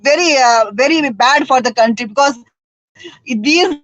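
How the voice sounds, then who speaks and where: A woman speaking as a panelist in a political debate over a remote call, halting and repeating words, slipping into Hindi. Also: sits high, fairly bright tone, rough recording. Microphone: remote call with a poor network.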